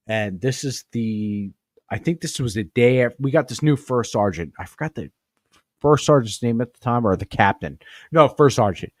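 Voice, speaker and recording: A man's voice: fairly low pitch, a little mellow, no echo, studio quality. A man hosting a podcast, telling rambling, profane stories full of tangents. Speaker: podcast host. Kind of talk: casual storytelling.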